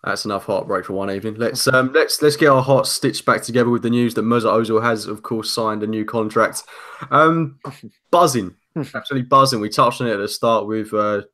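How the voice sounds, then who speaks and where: A man's voice: lowish voice, brisk, fairly bright tone. A man hosting a casual football chat, upbeat as he steers topics, with frequent ums. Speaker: podcast host.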